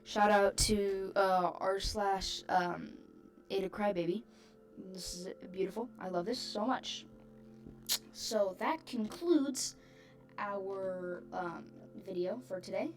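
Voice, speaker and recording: A woman's voice: medium pitch, takes it slowly, soft background music. A woman hosting her channel, reading a rhyming online post aloud with amused, giggly asides.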